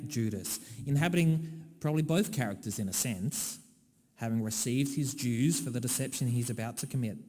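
Australian man, preacher, sermon, wry conversational asides, mellow tone, hall echo. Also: medium pitch. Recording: long hall reverb.

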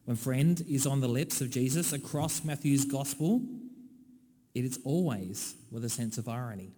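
An Australian man delivers a sermon in a relaxed, conversational way with wry, dry asides. His voice is mellow and warm. The long reverb of a large hall trails after each phrase. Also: medium pitch, moderate pace. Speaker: preacher.

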